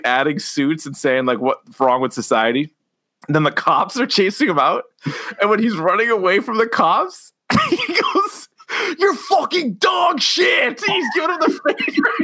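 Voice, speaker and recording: A man's voice: fairly high pitch, pushed and bright. A man co-hosting a casual podcast, animatedly retelling comedy sketches with frequent laughter. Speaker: podcast co-host. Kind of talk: casual chat.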